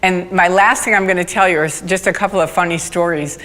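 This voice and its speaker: A woman's voice: lowish voice, fairly quick. Woman telling stories in a hall. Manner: lively anecdotal storytelling, laughing often. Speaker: conference speaker. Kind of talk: storytelling talk on stage. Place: conference hall. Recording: hall reverb with audience.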